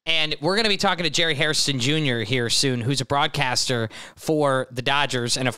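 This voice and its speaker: A man's voice: mid-range voice, normal speed, sharp tone, clear, resonant tone. A man hosting a baseball podcast who keeps things upbeat, laughs often and moves the show along. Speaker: podcast host. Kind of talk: casual sports chat.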